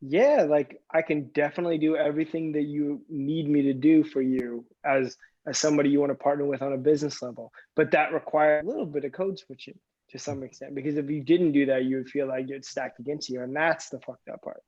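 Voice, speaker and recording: A man co-hosting a casual workplace discussion, talking in halting bursts with many restarts. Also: fairly high pitch, fairly even intonation, darkish tone, lo-fi sound. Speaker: podcast co-host.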